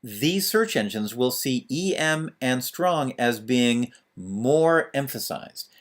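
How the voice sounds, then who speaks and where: A man's voice: medium pitch, expressive, takes it slowly. A man teaching a screencast lesson on web pages, talking through each step as he types, with fillers. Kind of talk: screencast tutorial.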